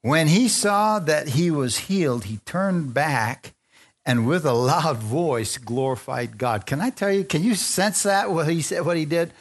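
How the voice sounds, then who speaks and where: A man preaching a sermon to a congregation, lively, laughing often and asking for amens as he retells scripture stories. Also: a little slow. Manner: animated, asks the congregation for amens; laughs often, acts out quotes in a higher voice. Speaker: pastor.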